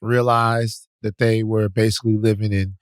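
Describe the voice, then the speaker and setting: A man's voice: lowish voice, level tone, normal speed, clear, resonant tone, no echo, clean studio sound. A man co-hosting a podcast, teasing and joking in casual chat and swearing freely. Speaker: podcast co-host.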